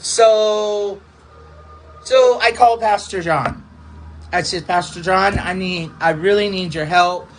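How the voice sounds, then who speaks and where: A man, a pastor, telling a personal testimony in a halting, repetitive way, circling back over the same phrases. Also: high voice, slight background noise, poor audio.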